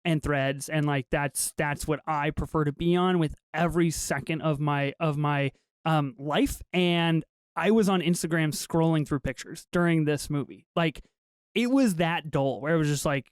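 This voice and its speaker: A man with a fairly high, smooth and clear voice co-hosts a podcast, joking wryly about a film and laughing easily. The sound is dry and close to the mic. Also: dry recording. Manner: wry, joking, quick to laugh. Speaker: podcast co-host. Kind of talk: casual film review chat.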